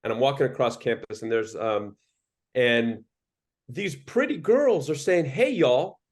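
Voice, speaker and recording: A middle-aged man from New York co-hosting a podcast, telling stories in an animated way and laughing easily. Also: medium pitch, measured pace. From New York, USA. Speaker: podcast co-host. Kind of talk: casual interview chat.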